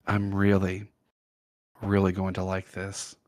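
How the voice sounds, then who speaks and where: A man doing a soft-spoken menacing villain priest. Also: medium pitch, big pitch swings, takes it slowly. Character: scheming male villain cleric, keeper of secrets.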